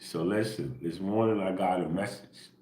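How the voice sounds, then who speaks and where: A man with a very deep, low voice talks in a relaxed, rambling way on an early-morning livestream. He keeps it quiet and casual, tacking "bro" and "right?" onto nearly every sentence, and the sound bounces around an echoey room. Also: moderate pace. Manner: laid-back, rambling, peppered with "bro" and "right?". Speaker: spiritual livestream host.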